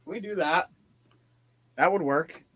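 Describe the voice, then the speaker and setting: A man's voice: on the high side, a little slow, bright, forceful tone. A man hosting a casual sports stream, laughing easily and reacting to plays as they happen. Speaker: stream host.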